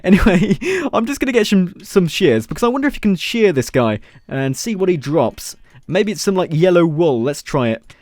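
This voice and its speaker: A man's voice: sits high, big pitch swings, fast talker, a little mellow, no room sound, clean studio sound. Playful man narrating game footage. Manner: playful, self-mocking, giggly asides. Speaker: gaming video host. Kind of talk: game mod showcase commentary.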